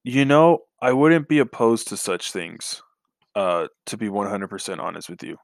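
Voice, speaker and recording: Deep gravelly man, halting chat. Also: sing-song, no echo. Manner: hesitant, many fillers and sighs. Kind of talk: casual sports chat.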